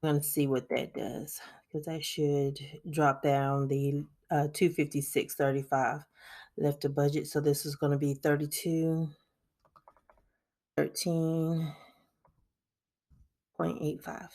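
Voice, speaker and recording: A woman's voice: deep voice, level tone, slow, long pauses, dark tone. A woman, chatting casually to viewers while walking through her monthly budget. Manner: chatty, addresses viewers as y'all, laughs often. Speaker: budgeting vlogger. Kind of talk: casual screen-recorded budget walkthrough.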